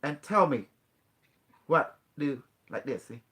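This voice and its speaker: A man's voice: on the high side, lively intonation, slow pace, fairly bright tone. A man hosting a casual talk, coaching his guest step by step with frequent laughs and broken grammar. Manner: instructive, coaxing, laughs often, non-native grammar. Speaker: host teaching a guest. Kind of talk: casual guided demonstration.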